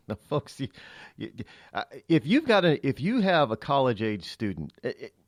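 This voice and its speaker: A man's voice: mid-range voice, huge pitch swings, unhurried, no room sound. A man hosting a talk radio show, delivering a rambling, opinionated monologue into a studio microphone.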